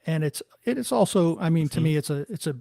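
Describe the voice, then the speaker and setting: Fairly high-voiced host, halting speech. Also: male voice, lively intonation, vocal fry, dark tone, no room sound, studio quality. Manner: halting, searching for words, many restarts. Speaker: podcast host. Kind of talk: casual interview talk.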